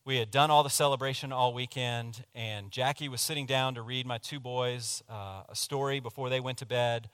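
A man preaching, telling a personal story in a confessional, animated way that swings from hushed to loud. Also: mid-range voice, moderate pace, few pauses, clean tone, dry recording. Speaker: pastor. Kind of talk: sermon storytelling.

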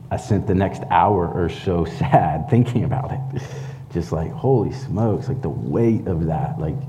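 A man sharing a personal faith testimony in an earnest, halting way, with many fillers and restarts. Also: deep voice, dark tone, a little hiss or hum.

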